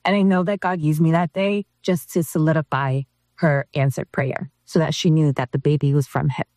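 Earnest low-voiced woman telling a story. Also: fairly even intonation, normal speed, darkish tone, no echo, studio quality. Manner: earnest, vivid retelling with quoted dialogue. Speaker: guest sharing a testimony. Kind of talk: personal storytelling.

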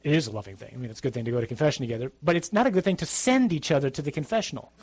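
A man's voice: mid-range voice, lively intonation, racing, a little mellow, husky, no echo. A middle-aged man, a priest, giving a conversational, emphatic sermon with asides.

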